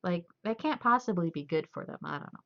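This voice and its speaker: A woman's voice: fairly low pitch, animated, a little fast, vocal fry. A young woman streamer chatting loosely and laughing as she tells stories. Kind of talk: casual chat. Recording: dull lo-fi stream audio.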